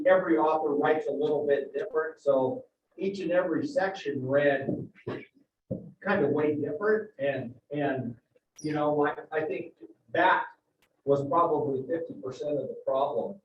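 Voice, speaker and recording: A man presenting a report at a meeting in a relaxed, informal way, often repeating words as he goes. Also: on the high side. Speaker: work group member presenting a report. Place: meeting room. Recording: echoey room, far-off muffled mic with faint hiss.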